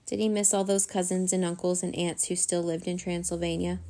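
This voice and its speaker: Woman reading a children's chapter book, low and gravelly, steady bedtime pacing. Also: a little fast. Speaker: children's story reader. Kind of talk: bedtime story narration.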